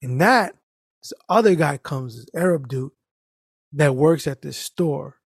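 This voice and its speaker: A man telling a story in casual podcast chat, animated and profane, acting out the people in it. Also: a little high, a little slow, gravelly, slightly rough, dry recording, clean studio sound. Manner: animated, profane, acts out the people in his stories.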